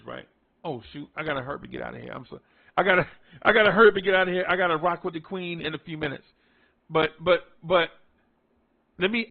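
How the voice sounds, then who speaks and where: Gravelly New man musing on basketball. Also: on the high side, muffled recording. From New York tri-state area. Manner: repetitive, emphatic, drawn-out key words. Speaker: sports fan vlogger. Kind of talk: casual sports commentary.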